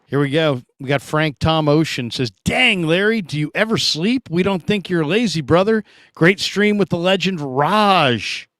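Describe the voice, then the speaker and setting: A middle-aged man hosts a casual sports talk show and spins stories with lively swings in pitch. He slips into quoted voices as he goes. The sound is dry and close, with no room around it. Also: unhurried, few pauses, no echo. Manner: animated storyteller, acts out quoted voices.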